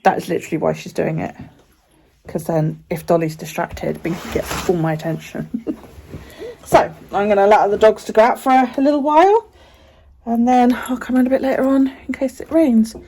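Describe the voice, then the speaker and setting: Holding her phone, a woman vlogs in a relaxed, rambling chat, her mid-range voice warm with a breathy edge at normal speed. Occasional swearing slips in, and she frequently drops almost to a whisper.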